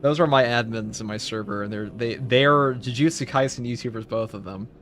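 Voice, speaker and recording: A slightly fast, a bit bright mid-range voice belongs to a streamer who chats over his gameplay, wandering from one joke to the next with many fillers. A faint hum runs beneath the audio.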